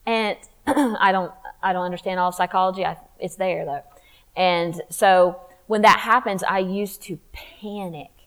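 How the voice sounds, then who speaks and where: A woman telling her faith testimony in a candid, animated way, acting out what people said. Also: medium pitch, measured pace, poor audio. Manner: candid, animated, acts out quotes. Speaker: speaker sharing testimony.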